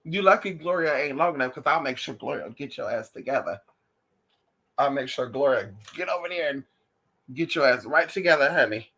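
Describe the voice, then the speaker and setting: Animated, sassy woman telling stories. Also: rumbling low, a little fast, slightly rough. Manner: animated, sassy, calls listeners honey and y'all. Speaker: spiritual class teacher, vlogger. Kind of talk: casual storytelling to viewers.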